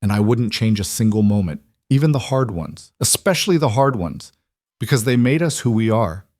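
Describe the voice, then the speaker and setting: A man reading the lines of a gentle, steady frontier woman in a storybook tale, speaking softly. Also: fairly low pitch, moderate pace, no room sound, studio quality. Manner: soft, tender quoted dialogue.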